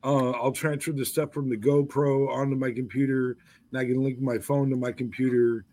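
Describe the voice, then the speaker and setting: A man's voice: medium pitch, little pitch movement, normal speed, warm tone. A man with a New York accent, a guest on a podcast, telling a story with frequent laughter. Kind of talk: casual chat.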